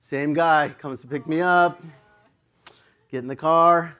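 A male pastor telling a story in his sermon, animated and self-mocking and often laughing. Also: on the high side, takes it slowly, clear, resonant tone, highs cut off.

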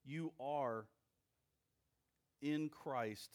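A male pastor delivers a sermon at an unhurried, measured pace. His voice sits at a middle pitch, and he breaks his sentences into short, weighty phrases with deliberate pauses. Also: darkish tone. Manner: slow, deliberate preaching with emphatic pauses.

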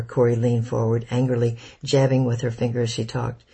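A man reads a first-person novel aloud in a measured, steady manner. His voice is gravelly and very husky, with a dark, mellow tone. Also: medium pitch. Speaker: audiobook narrator.

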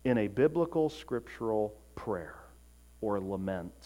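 A man preaching a sermon, earnest, swinging from emphatic peaks to quiet, soft passages. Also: on the low side, expressive, measured pace. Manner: acts out short voices in quotes. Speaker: pastor.

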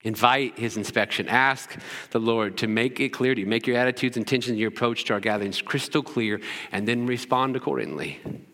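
A man pastor delivers a sermon in a bright, forceful voice that carries a lingering reverb through the church. He leans on rhetorical questions and returns to the same short phrase again and again for emphasis. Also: medium pitch, steady tone, a little fast.

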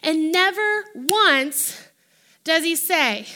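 A woman delivers a sermon in a high, bright voice. She is animated and lively, and she slips into playful quoted voices to act out her points. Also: measured pace. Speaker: preacher.

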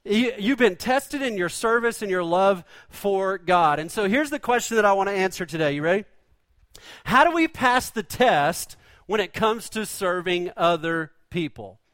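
A man's voice: high-pitched, animated, moderate pace, a bit bright, no room sound. A man preaching a sermon in a folksy, conversational way, full of rhetorical questions. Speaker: pastor.

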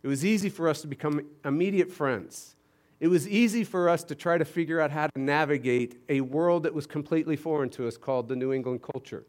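A middle-aged man from Houston, Texas, telling a story in a sermon as senior pastor, animated and shifting between loud emphasis and quiet asides. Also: a little high, brisk.

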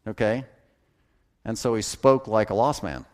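A man preaching a sermon as a pastor, folksy and animated, chuckling at his own jokes. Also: on the low side, unhurried.

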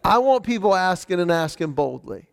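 A man's voice: high voice, big pitch swings, normal speed, gravelly. A man preaching a sermon, telling a personal story earnestly with wry humor and often stumbling and restarting his words. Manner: frequent stammered restarts. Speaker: pastor.

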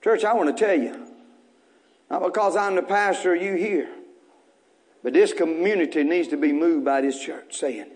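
A man preaching a sermon as pastor, reading scripture aloud and calling out to his congregation, building up to shouts at the high points. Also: normal speed, long pauses. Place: church service.

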